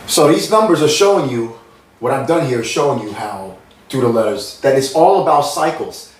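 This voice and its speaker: A man's voice: mid-range voice, lively intonation, moderate pace, a little hiss or hum. A man from the United States giving a meandering, repetitive spiritual monologue, restarting and circling back as he explains his ideas earnestly. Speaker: spiritual channel host. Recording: roomy sound, mic at a distance.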